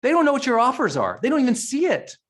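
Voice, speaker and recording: A middle-aged man speaking as a summit presenter at a live online session, fired up and energetic, repeating phrases for emphasis. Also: extremely high pitch, fast. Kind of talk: live webinar teaching.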